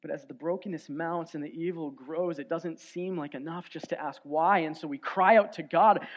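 A man preaching a sermon as pastor, earnest, moving from soft, low passages to loud, emphatic ones. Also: steady tone, moderate pace, few pauses. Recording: dull lo-fi sound.

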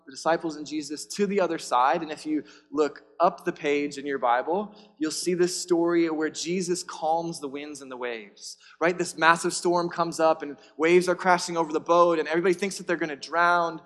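A man's voice: fairly high pitch, fairly bright tone. Conversational male preacher, reverberant hall. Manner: conversational, checks in with listeners. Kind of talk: sermon, Bible reading and explanation.

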